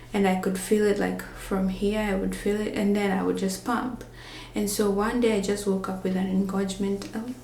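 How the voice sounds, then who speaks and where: Speaking at medium pitch with a gravelly, mellow voice, this woman rambles chattily through a casual vlog, filling it with fillers. She keeps lowering to a whisper to avoid waking her napping baby, in a roomy space with slight background noise.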